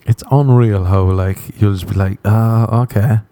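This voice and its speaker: A man's voice: sits low, moderate pace, warm tone, dry recording. A man hosting a podcast, telling crude, rambling stories and acting out the quotes in a casual comic monologue. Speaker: podcast host.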